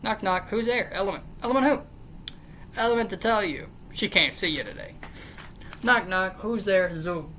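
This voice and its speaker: Host reading a joke book out loud, deadpan, tired sarcastic side comments, mid pitch, bit of background hiss. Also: normal speed. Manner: deadpan question-and-answer joke reading with weary, sarcastic asides. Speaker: channel host.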